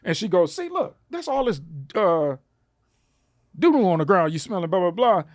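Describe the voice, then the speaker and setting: Animated storytelling man, dry close sound. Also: moderate pace, no room sound. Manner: animated, acts out quotes with rising pitch. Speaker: podcast guest telling a story. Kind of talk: casual storytelling.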